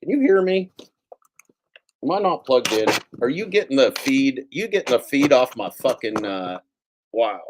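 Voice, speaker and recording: A man's voice: medium pitch, big pitch swings, moderate pace, noisy background. A man hosting his own livestream, rambling casually with frequent swearing and self-mocking repeats. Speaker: livestream host. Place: home setup with computer.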